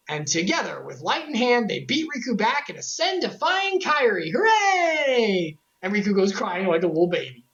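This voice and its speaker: A woman recapping game lore on a casual stream, animated and joking, with sarcastic asides. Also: medium pitch, moderate pace, muffled recording.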